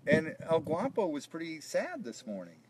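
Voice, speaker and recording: A man's voice: fairly high pitch, huge pitch swings, normal speed, breathy edge. A man co-hosting a live reptile stream, easygoing and laughing as he tells a story. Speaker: co-host of a reptile show livestream. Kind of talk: casual banter on a live stream.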